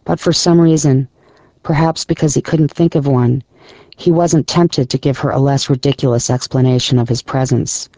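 Male audiobook narrator, gravelly, dry close read, measured. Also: medium pitch, dark tone, no room sound.

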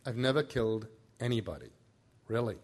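A man reading aloud as a quiet, steady grown man, low and subdued, sighing his words. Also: a little fast. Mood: calm.

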